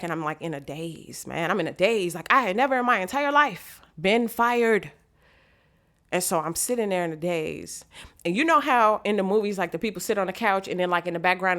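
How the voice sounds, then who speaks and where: Woman w/ storytelling, animated, does all the voices. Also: fairly low pitch. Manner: animated, acts out quotes. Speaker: vlogger.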